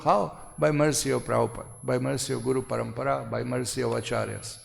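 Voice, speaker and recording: Gravelly man lecturing in a hall. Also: mid-range voice, fast talker, hardly any pauses. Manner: emphatic, repeats phrases, asks "no?" often. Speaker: spiritual seminar teacher. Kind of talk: devotional seminar lecture. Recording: reverberant hall.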